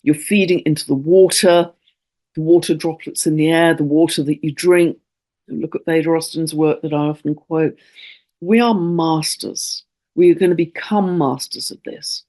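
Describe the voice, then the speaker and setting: A woman's voice: deep voice, fairly even intonation, normal speed, mellow. Earnest rambling woman astrologer. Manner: earnest, rambling, with many restarts; emotional, stirred up. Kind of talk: casual spoken monologue.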